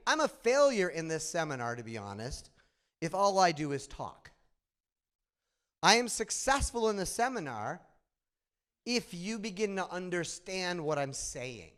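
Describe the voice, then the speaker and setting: Man, Midwestern accent, nasal, high voice, lively swooping delivery, conference speaker. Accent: Midwestern American. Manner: animated storytelling, asks the audience questions. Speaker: conference presenter. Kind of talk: conference talk. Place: conference room.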